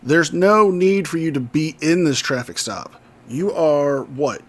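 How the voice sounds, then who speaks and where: A man's voice: on the high side, measured pace, a bit bright. A man giving scornful, sarcastic commentary over video clips. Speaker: commentary host.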